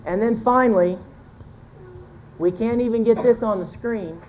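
A woman's voice: fairly high pitch, measured pace, darkish tone, muffled recording, slight background noise. A woman giving a folksy, earnest sermon-style talk to a church congregation, pointing to a chart and correcting herself as she goes. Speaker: church speaker teaching with a chart.

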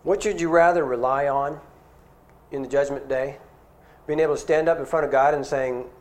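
A man's voice: fairly high pitch, fairly even intonation, a little fast, a little mellow. A middle-aged man preaching a sermon in an earnest, conversational way, asking his listeners questions.

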